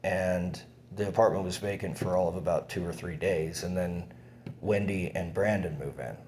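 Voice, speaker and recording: Rambling, cursing young man, very deep voice. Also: moderate pace, a little mellow, slight background noise. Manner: rambling, profane, many fillers and restarts. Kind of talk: casual monologue recounting events.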